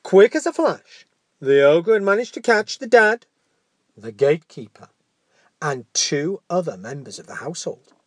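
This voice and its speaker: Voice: medium pitch, very animated, moderate pace, no room sound. A storyteller telling a children's tale dramatically, dropping into whispers for suspense.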